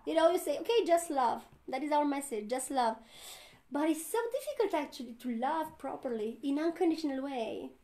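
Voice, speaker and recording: A woman's voice: high-pitched, animated, fairly quick, mellow. A woman, a spiritual teacher, giving an earnest satsang talk, often laughing and acting out inner voices.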